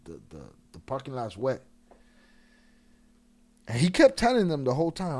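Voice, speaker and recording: Man telling a story with lively pitch. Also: moderate pace, long pauses. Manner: profane, animated, laughs while telling. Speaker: host of a live stream. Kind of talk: casual storytelling.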